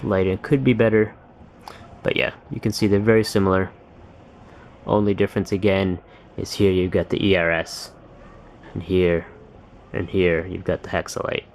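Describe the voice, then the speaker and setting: A man's voice: low voice, moderate pace, long pauses, slight background noise. A man giving a casual sneaker review at home, thinking aloud with lots of uh and um. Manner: relaxed, thinking aloud with many fillers.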